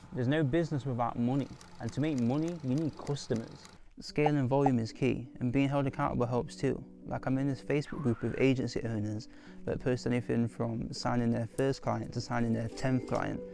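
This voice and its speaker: Over background music, an aspiring marketing agency owner reflects in a vlog voice-over on growing his business. His mid-range voice carries vocal fry and a slight mellowness, and his tone is sincere and hard on himself.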